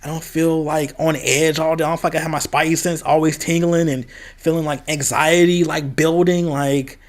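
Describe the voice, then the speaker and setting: A man's voice: on the high side, level tone, normal speed. A young man from the American Midwest, talking candidly in a casual vlog and venting about a past job. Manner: candid, venting, quoting others in a raised voice. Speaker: vlogger.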